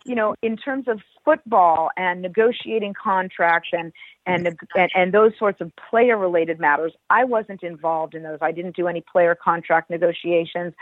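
A middle-aged woman, a former football team executive, speaking as a podcast guest in a measured, emphatic way with precise wording. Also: fairly low pitch, dry recording. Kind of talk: podcast conversation. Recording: tinny phone-like line.

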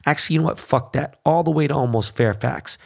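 A man's voice: a little high, fast talker, vocal fry, slightly rough. Man ranting profanely on a podcast. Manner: heated, swearing constantly, repeats "okay?". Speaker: podcast host. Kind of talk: profane political rant.

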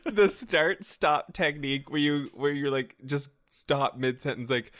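Giggly guy reading phrases out loud, pitch jumping all over, slow and drawn out. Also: huge pitch swings. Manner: laughs often, reads phrases aloud playfully. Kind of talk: casual chat.

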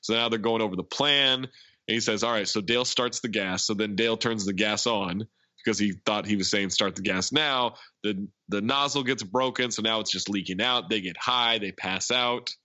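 A man hosts a casual podcast, retelling a film's scenes as a chatty storyteller. His voice is bright and forceful. The recording is dry and slightly dull. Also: lowish voice, normal speed, no room sound. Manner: chatty storyteller, acts out quotes. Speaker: podcast host. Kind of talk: casual movie recap.

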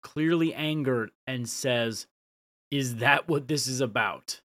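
A man's voice: mid-range voice, takes it slowly, a bit bright. A man co-hosting a podcast, casually recapping scenes and dropping the odd swear. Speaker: podcast co-host.

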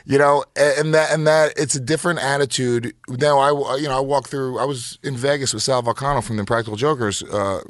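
A brash man from New York talks fast in a loose podcast chat, swearing freely as he tells stories. His voice sits at a middling pitch. The mic is close and dry, with no room sound. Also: fairly even intonation, fairly bright tone, dry recording. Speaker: comedian and podcast guest.

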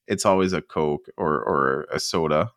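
A man, co-hosting a podcast in a lively, laughing, rambling way. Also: very deep voice, no room sound, studio quality. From Southern United States. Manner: animated, quick to laugh, rambling with restarts. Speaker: podcast co-host. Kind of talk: casual podcast chat.

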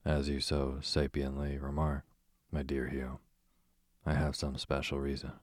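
A man voicing a smooth, sarcastic aristocratic duke with a dry, drawling manner. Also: very deep voice, monotone, a little slow, no echo. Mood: sardonic. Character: sardonic aristocratic male duke, languid and smooth.

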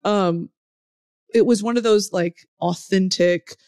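A young woman guesting on a podcast in casual chat, trading deadpan jokes. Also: slow, dry recording, clean studio sound. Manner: deadpan jokes, lively swings in pitch.

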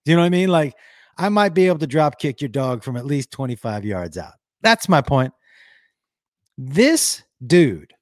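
A man's voice: fairly high pitch, big pitch swings, moderate pace, no room sound, studio quality. A middle-aged man ranting on a casual livestream, telling a story and reading viewer comments with blunt, profane emphasis.

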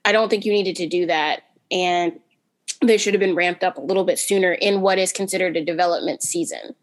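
A woman on a podcast panel in casual chat, talking in quick bursts with frequent restarts and fillers. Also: on the low side. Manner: talks fast in bursts with many restarts and fillers.

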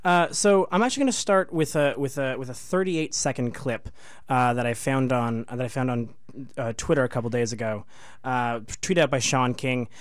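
A man's voice: medium pitch, moderate pace, smooth, no room sound, clean studio sound. A man co-hosting a radio show, good-humoured, often repeating words as he starts. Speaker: radio co-host. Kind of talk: casual radio talk. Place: radio studio.

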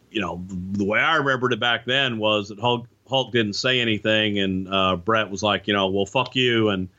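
A man's voice: fairly low pitch, bright, forceful tone. A man on a podcast recalling backstage wrestling politics in a rambling, casual way, full of "you know" and restarts. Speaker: former wrestling insider guest. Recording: dull lo-fi sound.

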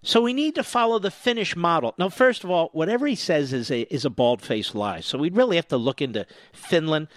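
A man's voice: a little high, lively intonation, brisk, hardly any pauses, no room sound, clean studio sound. An older man from the US East Coast hosting talk radio, sarcastic and combative in a mocking monologue. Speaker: radio talk show host.

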